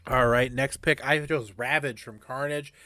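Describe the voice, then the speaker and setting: A man hosting a casual esports podcast, briskly running through a list of draft picks and asking his co-hosts about them. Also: medium pitch, steady tone, bright, forceful tone, no room sound, studio quality. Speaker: podcast host.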